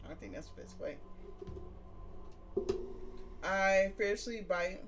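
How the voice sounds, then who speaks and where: Streamer reading a story game out loud, swearing and cracking jokes between lines, mid pitch, faint music. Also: takes it slowly, distant mic. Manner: casual, profane, joking asides between read lines. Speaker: gaming streamer.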